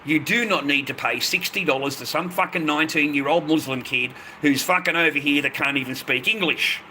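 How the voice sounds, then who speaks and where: Australian man, late fifties, on a live stream. Sharp, bright edge, pitched a touch high; combative, swears constantly. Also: a little fast, slight background noise. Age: 50s. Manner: blunt, heavy swearing, repeats himself, combative. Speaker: livestreamer. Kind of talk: profane angry rant to a live stream.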